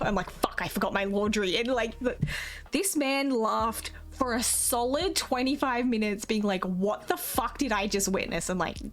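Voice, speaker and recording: Chatty Australian woman streamer. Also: a little high. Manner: rambling, chatty, swears freely, quotes herself and others. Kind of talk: casual chat while gaming.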